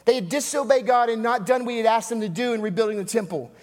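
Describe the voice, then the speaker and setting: A man's voice: very high voice, fast talker, a little mellow. A man preaching a sermon, emphatic and repetitive, with rhetorical asides and dramatic drops in voice. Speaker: pastor. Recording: long hall reverb.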